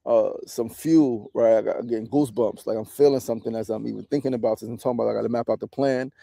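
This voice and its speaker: A man in his forties with a gravelly, creaky edge to his voice. His tone is deep and mellow, and he talks in a candid, reflective way, swearing freely and checking in with "right?" as he goes. The sound is close and dry. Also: fairly even intonation, quick pace, no room sound. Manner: candid, profane, often tags lines with "right?". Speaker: podcast host and meditation teacher. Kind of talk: reflective casual monologue.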